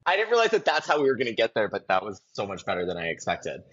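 A young man co-hosting a podcast, teasing his co-host in quick casual banter. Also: fairly low pitch, huge pitch swings, fairly bright tone, muffled recording. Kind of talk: casual chat.

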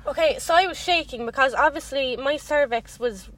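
A young Irish woman telling a story in casual chat, animated and swearing freely. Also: sits high, moderate pace, poor audio.

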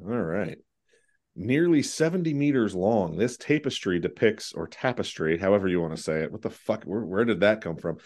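A man's voice: lowish voice, animated, moderate pace, a little mellow. A man hosting a casual trivia podcast, joking around and swearing now and then. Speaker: quiz host.

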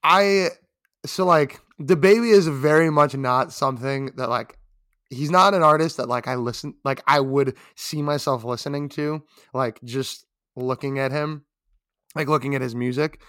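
A man's voice: medium pitch, moderate pace, a bit bright, no room sound, clean studio sound. A man co-hosting a podcast, talking casually and animatedly about music, filling his sentences with "like" and casual swearing. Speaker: podcast co-host. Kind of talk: casual music review chat.

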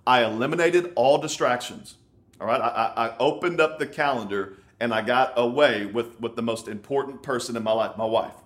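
A man's voice: medium pitch, fairly quick. Male pastor, 30s, conversational sermon, emphatic and repetitive. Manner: emphatic, conversational preaching with repeated words. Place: on location in a city.

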